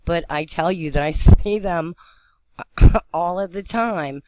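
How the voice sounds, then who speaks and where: A woman from western Pennsylvania vlogging on a phone, excitable and rambling as she talks, often breaking into laughter. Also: fairly low pitch, takes it slowly, background noise. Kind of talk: excited spiritual vlog narration.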